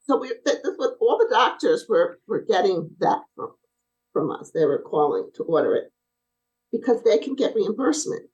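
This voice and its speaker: Lively woman telling animated stories. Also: medium pitch, moderate pace, muffled recording. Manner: animated, acts out quoted dialogue. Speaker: podcast guest, brace company owner. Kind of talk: casual interview storytelling.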